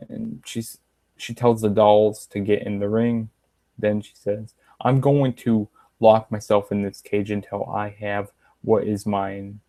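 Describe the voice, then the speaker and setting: A man's voice: on the low side, flat delivery, measured pace, warm tone, dry recording. A young man casually reviewing a wrestling show, rambling with many fillers and retelling lines in a slightly raised voice.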